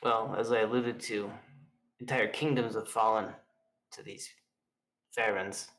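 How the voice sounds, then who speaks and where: A man's voice: fairly low pitch, fairly even intonation, a little slow, fairly bright tone, echoey room, rough recording. A man speaking in character at a tabletop game, hesitant and often repeating his words. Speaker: player. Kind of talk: in-character tabletop role-play.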